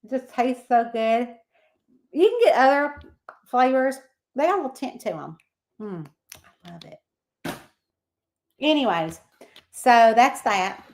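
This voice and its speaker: A woman's voice: fairly high pitch, lively intonation, a little slow, long pauses. A woman hosting a casual livestream, chatting and reading out viewer comments by name. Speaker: livestream host.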